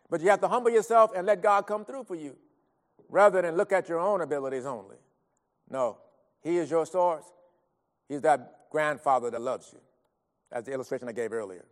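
A high-pitched man preaching with earnest, pleading fervor, dropping soft and then crying out loud. His voice hangs in a long hall reverb. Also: a little fast, pauses often. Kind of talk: sermon.

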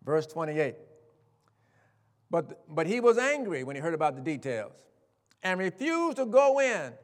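High-voiced preacher with hall reverb. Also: male voice, sing-song, a little slow. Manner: conversational, direct address to listeners; folksy, drops low on asides. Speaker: pastor. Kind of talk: sermon.

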